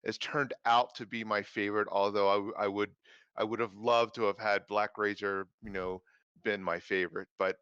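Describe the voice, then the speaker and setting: A man's voice: fairly low pitch, a bit bright, smooth, no echo, lo-fi sound. A man who is a guest on a podcast roundtable, repeating words as he thinks. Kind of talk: casual roundtable chat.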